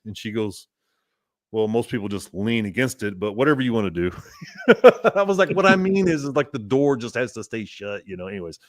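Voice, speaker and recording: Lively storytelling man, dry close sound. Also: lowish voice, no room sound. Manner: animated, laughing often, acting out both sides of the story. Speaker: podcast guest. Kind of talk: casual storytelling.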